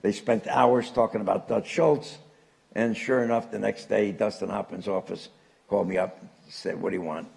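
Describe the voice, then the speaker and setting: An older man from Newark, New Jersey, appears as a guest speaker, telling anecdotes to a live audience. His voice is on the low side and creaky, at a moderate pace, and he tells stories animatedly, chuckling at the punchlines.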